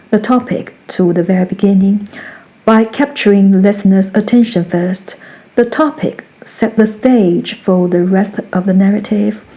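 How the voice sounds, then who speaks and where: A woman giving a scripted grammar lesson, reading each example sentence twice, slowly and precisely. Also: medium pitch, warm tone, rough recording. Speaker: Mandarin teacher.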